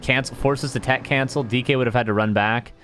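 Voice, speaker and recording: A man's voice: medium pitch, fairly even intonation, fairly quick, a bit bright. A man casting a live strategy game match, chatty and playful with joking asides. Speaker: esports caster. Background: faint game music.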